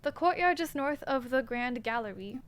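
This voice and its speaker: High-voiced playful woman streamer. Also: lively intonation. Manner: playful, joking, quick to laugh. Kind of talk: casual game commentary.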